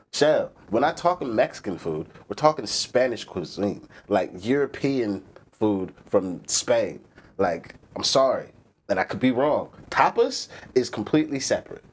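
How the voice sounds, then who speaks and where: A man's voice: mid-range voice, slightly rough. A man from the East Coast US hosting a live stream, chatting casually and profanely, ranting about food and reading chat messages aloud. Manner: profane, animated, rants and reads chat aloud. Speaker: livestream host.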